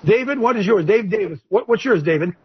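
A man leading a preaching-style group discussion on a video call, addressed as coach, animated and repetitive as he calls on listeners one by one. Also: high-pitched, a little fast, slight background noise. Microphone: video call microphone. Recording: muffled video call audio.

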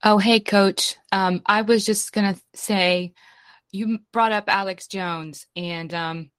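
A woman's voice: mid-range voice, fairly even intonation, takes it slowly, fairly bright tone, clear, resonant tone, no room sound. Hesitant woman caller, dry sound. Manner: hesitant, full of fillers. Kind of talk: casual call-in chat.

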